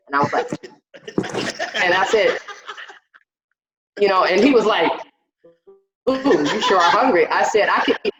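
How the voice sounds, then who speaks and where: Woman comic, raunchy storyteller, slightly muffled video call sound. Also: mid-range voice. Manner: bawdy, profane storytelling with acted-out quotes. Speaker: stand-up comedian. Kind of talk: stand-up comedy set over video call. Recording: roomy, dull video call audio.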